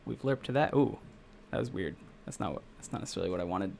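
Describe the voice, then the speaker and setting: Speaking fast in a low, warm voice with vocal fry, a young Midwestern game developer chats with viewers while coding live. There's a little hiss or hum in the audio. He meanders and revises his statements as he talks.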